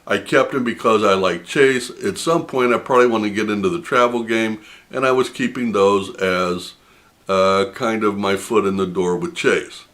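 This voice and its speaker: A man's voice: fairly low pitch, moderate pace, a bit bright. A man hosting a personal finance channel, telling a story to camera in an indignant, emphatic way and laughing in disbelief. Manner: indignant, retelling a phone argument with heavy emphasis.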